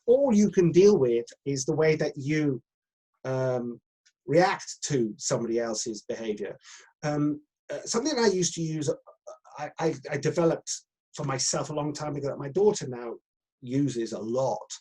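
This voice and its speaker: A man's voice: a little high, lively intonation, moderate pace, warm tone, husky, poor audio. A middle-aged man, an acting coach talking on a video call, rambling with many fillers and restarts. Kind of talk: live video chat coaching session.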